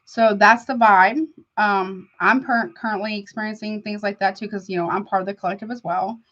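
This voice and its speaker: A woman's voice: medium pitch, steady tone, moderate pace, a bit bright. A woman tarot reader talks to her live viewers in a loose, chatty way, often calling them honey. Her voice sits in a middle register. The audio is a bit dull and lo-fi. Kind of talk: casual live-stream tarot chat.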